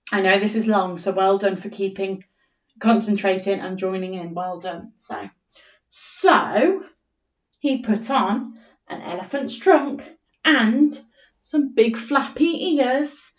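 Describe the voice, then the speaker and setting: A woman's voice: medium pitch, roomy sound, far from the mic, dull audio. A woman teacher reading a story to young children and sounding out letters in an online lesson. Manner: slow, sing-song story reading with phonics sounding out. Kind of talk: remote primary school story lesson.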